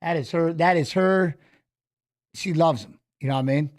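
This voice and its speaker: A man telling a heated story in casual chat, profane and animated, acting out what he said. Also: fairly high pitch, normal speed. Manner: animated, profane retelling of an argument.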